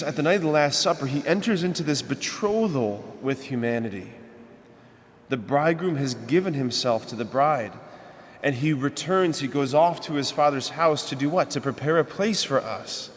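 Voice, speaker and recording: A man's voice: medium pitch, big-room sound. A man, a priest, preaching a homily in a conversational way, asking the congregation rhetorical questions. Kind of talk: sermon. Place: church.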